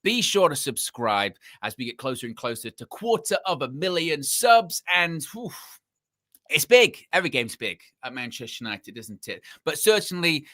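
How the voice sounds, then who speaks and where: A man's voice: medium pitch, pushed and bright. A man hosting a live football fan show, chatting casually with sarcastic asides. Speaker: host.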